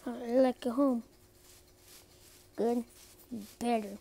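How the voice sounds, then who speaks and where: A high-pitched woman chatting to herself as she plays, unhurried and goofy. She drawls her words slowly and slips into silly chants. Faint background noise sits under her phone-recorded voice. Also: dark tone. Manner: playful, silly, talks to herself while building. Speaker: gameplay video creator. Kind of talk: casual commentary while playing a game.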